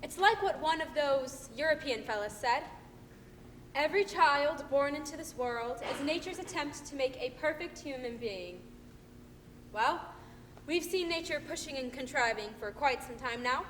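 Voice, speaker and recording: A woman's voice: high voice, animated, normal speed, a bit bright, big-room sound, slight background noise. A woman playing a homespun small-town minister giving a short folksy sermon in a live stage play. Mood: reflective. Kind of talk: live amateur stage acting. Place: theater stage.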